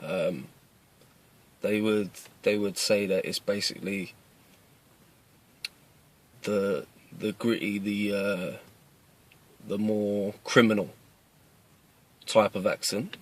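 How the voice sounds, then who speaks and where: Low-voiced East London man. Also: fairly even intonation, slow, long pauses. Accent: East London Cockney. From East London, England. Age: 30s. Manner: earnest, plain-spoken, repeats himself with restarts. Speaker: self-defence video maker. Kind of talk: casual talk to camera. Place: inside a parked car.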